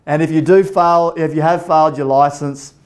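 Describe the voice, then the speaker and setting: A man giving a motivational talk, telling a story with lively acted-out dialogue. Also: on the high side, moderate pace, clear, resonant tone. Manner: animated, acts out dialogue in the story. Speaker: motivational speaker.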